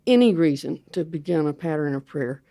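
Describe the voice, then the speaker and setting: A woman's voice: sits low, lively intonation, brisk, creaky, warm tone, no echo, clean studio sound. An older woman, a theologian, telling a candid, self-mocking story as an interview guest.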